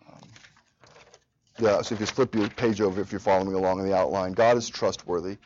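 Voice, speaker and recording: A man's voice: deep voice, steady tone, fairly quick, darkish tone, slight background noise. A man in his thirties leading a church Bible study, earnest and repeating phrases for emphasis. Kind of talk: teaching a church study group. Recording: dull lo-fi recording.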